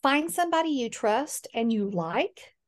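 A woman's voice: on the high side, measured pace. Earnest middle-aged woman guest. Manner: earnest, animated when quoting others. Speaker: guest, healing coach. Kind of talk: conversational interview.

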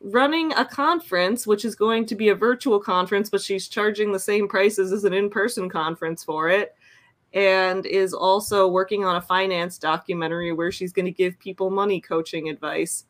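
Bright-voiced young woman chatting. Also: medium pitch, moderate pace. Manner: chatty, laughs often, acts out her dog's reactions. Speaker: podcast co-host. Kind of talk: casual chat.

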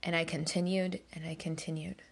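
A woman's voice: low-pitched, level tone, creaky, slightly rough. A woman hosting a podcast, telling a personal story in an emphatic, candid way, swearing when heated. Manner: slow and deliberate. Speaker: podcast host.

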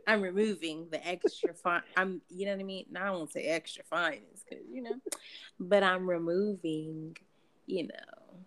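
A woman's voice: on the low side, normal speed, a bit bright. Laughing, goofy woman podcast host. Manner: laughs often, swears freely, goofy. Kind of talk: casual chat.

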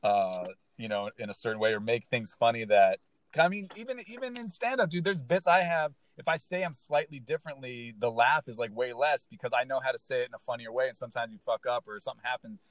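A man who works as a stand-up comedian, chatting casually and telling an animated story, swearing freely and acting out what people said. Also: mid-range voice, fast, no room sound. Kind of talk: casual podcast chat.

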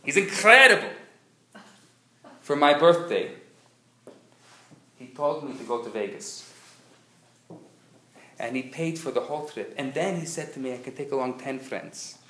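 A man's voice: medium pitch, lively intonation, unhurried, pauses often, bright, forceful tone. A man telling a joke as a middle-aged mother gushing about her son. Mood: boastful. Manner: gushing and showy. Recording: echoey hall, faint noise.

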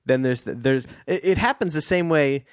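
A man's voice: a little high, normal speed, dry recording, studio quality. A man co-hosting a casual podcast chat, rambling and wry, often correcting himself mid-sentence. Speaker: podcast co-host.

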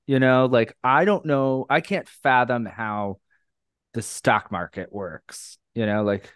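Taking his time, a middle-aged man hosts a casual podcast, rambling and laughing frequently. His medium-pitched voice is smooth and a bit bright, on a dry, studio-quality recording.

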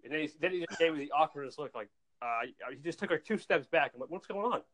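A male podcast host in casual chat, telling stories in an excitable, animated way and often repeating words as he goes. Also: on the high side, quick pace.

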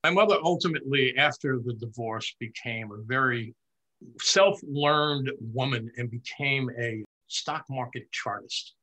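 An older man in an interview, recounting family memories in a lively storytelling way and laughing at his own anecdotes. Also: medium pitch, measured pace. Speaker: interview guest. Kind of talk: reminiscing in a conversational interview.

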